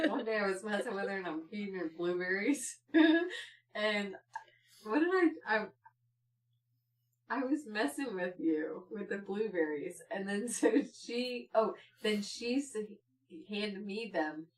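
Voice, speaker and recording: A woman's voice: a little slow, distant mic. A woman co-hosting a podcast, telling family stories in casual chat and laughing as she goes. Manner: laughs through her stories, shifts into shrill excited quotes. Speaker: podcast co-host.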